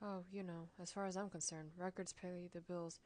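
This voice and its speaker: A man's voice: sits high, little pitch movement, normal speed, a little mellow, natural voice. A woman streamer voicing a middle-aged male French biker who runs a record shop, speaking in a casual, teasing way with a French accent, in a story game.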